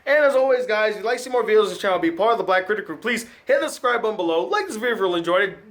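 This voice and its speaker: A man hosting his own channel, giving a casual, sarcastic film review with animated ranting. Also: high voice, racing. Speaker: film critic and channel host.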